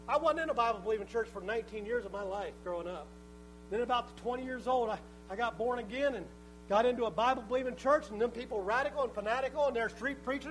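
A middle-aged male pastor preaching a sermon in a church, swinging from quiet to shouted emphasis. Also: very high voice, slight background noise, poor audio. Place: church sanctuary.

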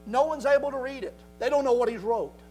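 A man preaching a sermon in a folksy, emphatic way, swinging from loud declarations to quiet asides. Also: extremely high pitch, quick pace, a little hiss or hum, rough recording.

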